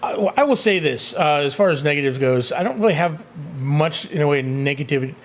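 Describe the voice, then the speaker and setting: A man co-hosting a casual spoiler review of a movie, excitable and quick to act out characters' lines in goofy voices. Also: a little high. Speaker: co-host of a movie review show.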